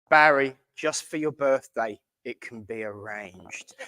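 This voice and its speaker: A man's voice: high-pitched, bright, forceful tone, smooth, no room sound. A man hosting a church service, giving closing notices in a jokey, teasing, chatty way. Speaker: service host. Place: village hall.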